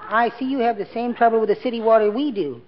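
A man's voice: extremely high pitch, quick pace. A meek, mousy henpecked little man. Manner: gentle, prim and apologetic. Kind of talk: 1940s radio sitcom acting. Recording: dull lo-fi 1940s radio broadcast with faint hiss.

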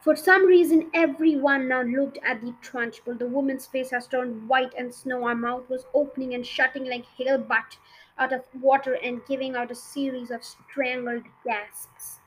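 Storybook reader, woman, high voice, expressive, a few slips. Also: moderate pace, breathy edge, poor audio. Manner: expressive reading with small slips. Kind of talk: reading a children's novel aloud.

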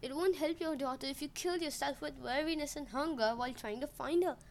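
A woman's voice: sits high, brisk. A woman voicing a kind, gracious queen who speaks formally to a stranger. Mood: gentle. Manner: formal, welcoming.

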